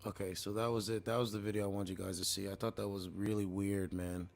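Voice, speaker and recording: A man's voice: fairly low pitch, little pitch movement, fast talker, vocal fry. A man giving loose, rambling casual commentary on clips as a streamer, often saying "man" and "bro".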